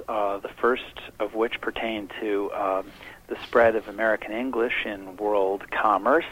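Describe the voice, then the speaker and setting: A man calling in to a radio show, asking questions hesitantly, with many filler pauses. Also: fairly low pitch, fairly bright tone. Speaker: caller. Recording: dull phone-in sound.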